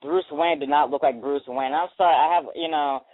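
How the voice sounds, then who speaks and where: A man's voice: on the high side, fairly even intonation, a little fast, dry recording. A young man co-hosting a casual movie review show, rambling and joking with lots of restarts. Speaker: podcast co-host. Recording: tinny phone-like lo-fi sound.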